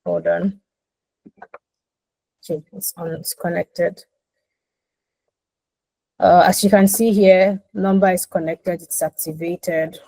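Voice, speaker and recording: Woman, webinar presenter, mellow voice, dry video-call sound, unhurried with ums. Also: on the low side, fairly even intonation, creaky, dry recording, poor audio. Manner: explanatory, frequent ums, self-corrections. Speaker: product presenter. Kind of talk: webinar demo explanation.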